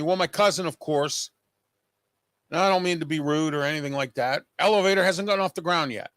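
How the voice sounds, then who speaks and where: A man's voice: a little high, moderate pace, fairly bright tone, no room sound, studio quality. A man hosting his own show, talking straight to viewers in an agitated, emphatic way and repeating his points. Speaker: show host. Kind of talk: personal monologue to viewers.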